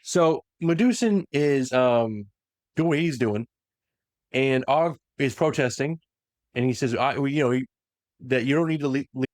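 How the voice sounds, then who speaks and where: A man's voice: mid-range voice, dry recording, studio quality. Man animatedly recapping lore. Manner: animated retelling that slips into quick voiced quotes. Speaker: podcast host recapping lore. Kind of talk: casual lore recap chat.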